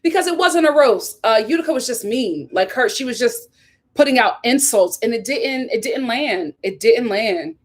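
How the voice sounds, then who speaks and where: A woman hosting a casual live stream, reading viewer comments aloud and reacting with opinionated chatter, laughs and sudden high squeals of surprise. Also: lively intonation, moderate pace. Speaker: live stream host reviewing a reality show. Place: home in a hot city.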